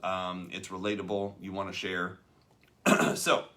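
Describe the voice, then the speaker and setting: His deep voice is monotone and unhurried, yet pushed and bright. As host of a laid-back talk show about a leadership book, he recounts a story and plays the parts of the people involved.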